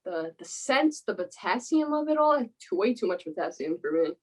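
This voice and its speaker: A woman's voice: mid-range voice, very animated. A young adult woman co-hosting a casual podcast chat, giggly and playful. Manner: giggly, playful, drawn-out delivery. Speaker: podcast co-host.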